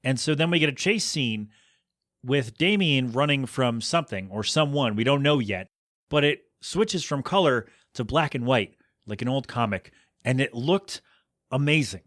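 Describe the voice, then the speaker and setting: A man hosting a podcast, chatty and animated, recapping a movie and acting out the characters' quotes. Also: medium pitch, moderate pace, dry recording, clean studio sound. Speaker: podcast host. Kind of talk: casual movie review recap.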